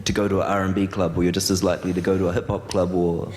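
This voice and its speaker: A man's voice: low-pitched, flat delivery, racing, darkish tone. A man interviewing a guest on stage, asking hesitant questions with many fillers. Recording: long hall reverb.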